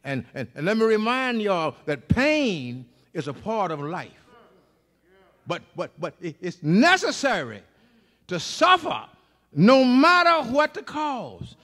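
A man preaching a funeral sermon in a church, calling out to the congregation and rising to shouts. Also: sits high, huge pitch swings, takes it slowly. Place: large church sanctuary. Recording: echoey church hall.

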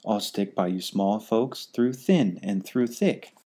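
A man's voice: fairly low pitch, takes it slowly, warm tone, husky. A man voicing a kind, earnest big male elephant in a storybook reading, in an earnest, pleading way.

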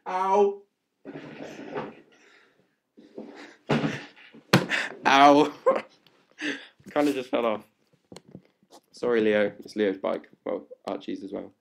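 A young man chatting live to fans on a webcam at home, hyper and playful and growing louder as he goes. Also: fairly low pitch, normal speed, gravelly, a little hiss or hum. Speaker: livestream host answering fan questions. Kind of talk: casual live webcam chat. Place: indoors at home. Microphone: laptop webcam mic.

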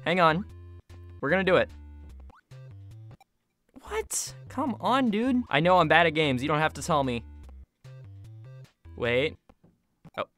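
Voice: medium pitch, normal speed, pauses often, a bit bright, faint music behind. A young adult gaming YouTuber giving casual commentary while playing a hard platform game, often yelping and laughing at sudden deaths. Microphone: phone mic.

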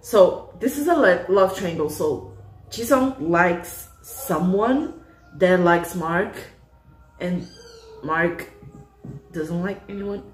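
Excitable young woman in an echoey room. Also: on the low side, slow, long pauses, slight background noise. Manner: excitable and emotional, gushing, swearing freely. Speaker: reaction channel host. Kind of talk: casual reaction commentary. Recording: echoey room, faint music behind.

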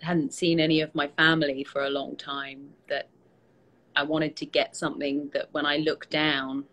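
A tired British woman, an actress, chatting casually with fans on a live stream, relaxed and self-deprecating, with many fillers, speaking into a phone held at arm's length. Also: low voice, normal speed, low-quality recording. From Britain. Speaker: actress hosting a fan Q&A.

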